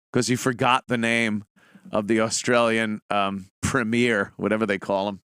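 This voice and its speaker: A man's voice: fairly low pitch, level tone, normal speed, a bit bright, smooth, no echo, studio quality. A middle-aged man hosting a show, giving a blunt, profane, mocking opinion monologue in casual talk. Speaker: podcast host.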